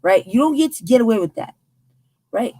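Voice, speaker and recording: Impassioned, profane, husky American woman. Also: on the high side, animated, brisk, warm tone, no echo. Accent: American English. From United States. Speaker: news show host. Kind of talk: heated political commentary.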